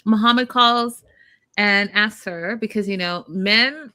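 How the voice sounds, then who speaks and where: Woman, co-host, casual recap chat, blunt, opinionated, tense bright tone. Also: mid-range voice, slow, clear, resonant tone. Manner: blunt, opinionated, mocks people in quoted voices. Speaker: podcast co-host.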